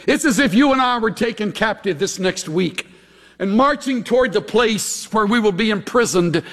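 Gravelly preacher guy, slow and dramatic, big swings loud to hushed, lively pitch. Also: in a large hall. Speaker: pastor. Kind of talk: sermon.

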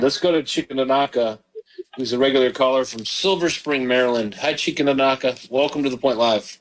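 A man's voice: mid-range voice, a little fast, rough recording. Fervent man hosting a prayer call-in. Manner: fervent, encouraging, prays aloud. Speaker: pastor hosting a call-in show. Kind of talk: live call-in prayer show.

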